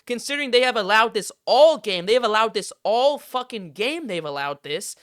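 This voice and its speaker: A man's voice: sits high, lively intonation, moderate pace, fairly bright tone, smooth, no echo, clean studio sound. A young man hosting a podcast, ranting in heated, frustrated casual sports commentary and swearing freely. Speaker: podcast host.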